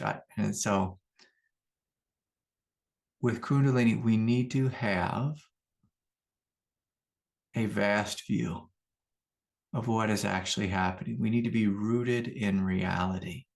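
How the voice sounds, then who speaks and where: A middle-aged meditation teacher speaks in a calm, unhurried manner, circling back to his key phrases. His voice sits a little low and has a gravelly edge. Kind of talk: spiritual teaching talk.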